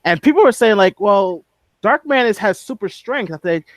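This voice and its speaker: A man's voice: high-pitched, expressive, normal speed, no echo. Earnest man telling an animation story. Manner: earnest storyteller, frequent restarts. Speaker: guest animator and director. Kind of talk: casual podcast interview.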